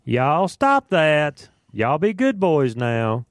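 A man voicing finger-wagging male council elders who scold in a slow, drawling way. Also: a little high, very animated, dry recording, clean studio sound, voice pushed up.

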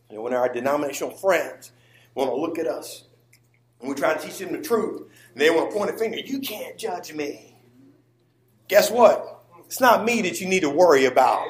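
A man delivers a sermon in a high, ringing voice. He swings from quiet asides to emphatic, near-shouted lines. The recording carries a roomy church echo. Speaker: preacher.

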